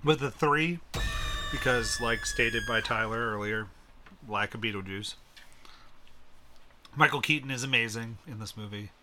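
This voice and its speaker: A man co-hosts a loose podcast conversation with friends, laughing between thoughts and circling back on his own sentences. His voice is very bright and forward, with a faint hiss of noise behind it. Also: mid-range voice, measured pace, long pauses. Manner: laughs often, animated, restarts sentences. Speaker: podcast co-host. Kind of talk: casual chat.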